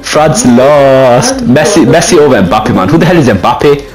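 A man's voice: mid-range voice, very animated, measured pace. A young man, teasing and laughing through casual gaming banter. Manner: teasing, laughs a lot, repeats himself. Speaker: gaming YouTuber. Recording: echoey room with music playing. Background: game music.

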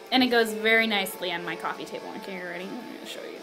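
A young woman chatting casually to her camera in her apartment, excitable and bubbly, with casual swearing. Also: medium pitch, very fast, few pauses, faint music behind. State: hyper and spazzy. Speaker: vlogger. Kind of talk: casual vlog chat. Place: apartment living room. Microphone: handheld camera.

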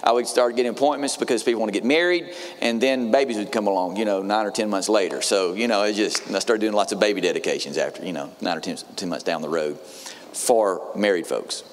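A man's voice: on the low side, fast talker. Storytelling male pastor in a reverberant hall. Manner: storytelling, frequent restarts, animated when quoting others. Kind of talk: sermon. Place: church sanctuary. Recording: long reverb of a large hall.

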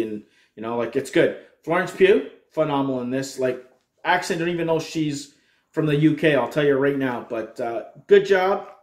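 Chatty man reviewing movies in an echoey room. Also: fairly high pitch. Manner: animated, profane, rambling with fillers. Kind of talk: casual spoken movie review. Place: room with a screen behind him.

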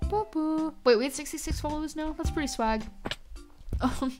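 A woman's voice: sits high, moderate pace, darkish tone. A young woman streaming a game live, chatting casually with her viewers in a bubbly, rambling way full of internet slang. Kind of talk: casual live-stream chat while gaming. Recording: music playing behind.

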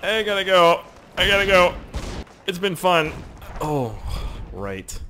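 A man narrates his video game play in a loose, joking stream of commentary, cursing freely and getting worked up easily. His pitch swings widely from phrase to phrase. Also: takes it slowly, a little hiss or hum. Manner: excitable, profane, joking running commentary. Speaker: gaming commentator.

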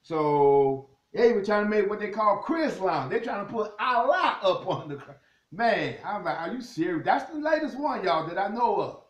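Animated preacher man in an echoey room. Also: sits high, normal speed. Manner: animated preaching, reads scripture aloud, keeps addressing the crowd as "y'all". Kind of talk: sermon.

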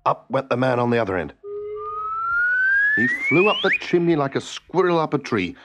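Male storybook reader, animated melody, expressive and playful, read-aloud narration. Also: medium pitch, moderate pace, very noisy. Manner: lively, expressive.

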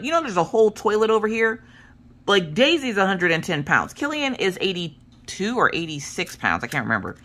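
Chatty, bright-voiced woman storyteller. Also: mid-range voice. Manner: animated, chatty, acts out voices of others in her stories. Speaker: craft vlogger. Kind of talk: casual storytelling chat.

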